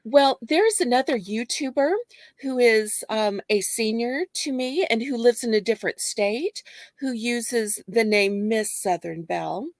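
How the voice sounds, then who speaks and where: A woman's voice: fairly high pitch, unhurried, dry recording. A woman guest on a livestream chat, politely explaining her ideas at length. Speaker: guest reseller.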